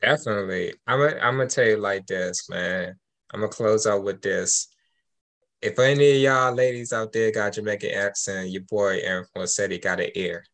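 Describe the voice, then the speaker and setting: A man's voice: lowish voice, fairly bright tone. A man co-hosting a podcast, chatting casually in a laid-back, slangy way. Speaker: podcast co-host. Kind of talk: casual chat.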